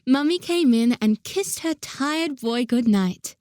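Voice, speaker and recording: A woman narrating a children's audiobook in a gentle, even storytelling manner. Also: high-pitched, slow, no room sound, studio quality.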